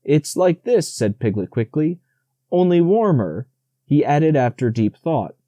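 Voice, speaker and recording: A tiny, timid piglet, as a man puts him on, squeaky and high-pitched. He sounds small and nervous but eager to help, in a close, dry storybook reading. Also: sing-song, unhurried, mellow, dry recording.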